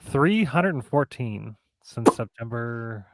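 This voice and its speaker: A man's voice: mid-range voice, animated, slow pace, dry recording. A man co-hosting a casual card-game podcast, frank and easily irritated. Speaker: podcast co-host. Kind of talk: casual chat.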